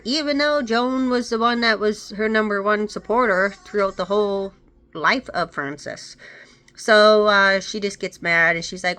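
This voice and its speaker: Woman with a bright, clear tone for a casual at-home book review: chatty, rambling, self-correcting. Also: mid-range voice, a little slow. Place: home with dogs.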